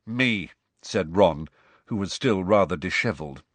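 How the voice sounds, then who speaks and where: A man reads a story aloud in a low, slightly husky voice. His delivery is expressive, with wide, lively swings in pitch. The sound is dry and close. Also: normal speed, no room sound. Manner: expressive storytelling that shifts voice for each character. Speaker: audiobook narrator. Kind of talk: scripted narration.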